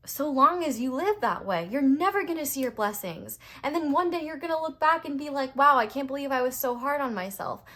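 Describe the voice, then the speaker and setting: Young woman tarot reader, bright tone, slightly high, blunt and passionate delivery, casual filler-heavy talk. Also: expressive, fairly quick, hardly any pauses. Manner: blunt, passionate, fired up, lots of "like". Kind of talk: casual spoken tarot reading.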